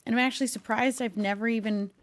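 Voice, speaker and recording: A woman's voice: a little high, steady tone, fast. A woman streamer chatting casually with her live viewers, laughing often and talking to her cat between thoughts.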